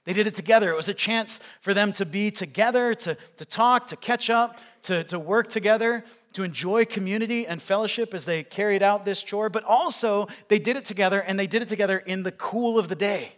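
A man's voice: high-pitched, fairly quick, hardly any pauses, a bit bright. A male pastor preaching a sermon, retelling a scripture story in a conversational way.

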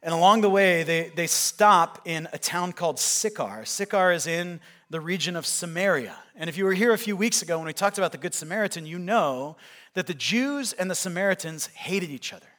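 Storytelling male preacher, higher voice. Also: fairly quick, bright, forceful tone. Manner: conversational storytelling, paraphrasing scripture. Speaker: pastor. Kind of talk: sermon.

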